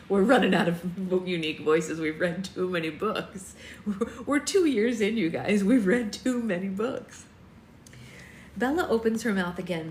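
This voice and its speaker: A woman reads a novel aloud for her book club, steady and clear with chatty asides in between. Her voice sits at an ordinary pitch, and the room around her adds a roomy echo with faint background noise.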